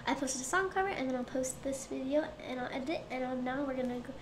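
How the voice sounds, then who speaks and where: A woman hosting a reaction vlog, chattering excitedly with a stuffy, runny nose. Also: high voice, fast, very noisy. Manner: gushing, excitable fan chatter. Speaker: reaction video host. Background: loud pop music playing.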